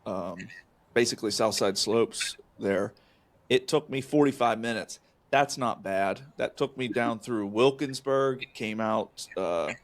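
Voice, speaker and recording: A man co-hosting a casual podcast chat, talking in a rambling, folksy way with lots of fillers and restarts. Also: mid-range voice. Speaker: co-host, real estate agent.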